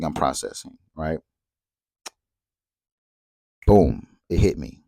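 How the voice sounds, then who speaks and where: A man with a lowish, darkish voice gives a reflective spoken monologue on relationships and spirituality, recorded with a dry, close sound and no echo. His delivery is conversational, full of rhetorical questions and check-ins of "right?", and he repeats phrases for emphasis.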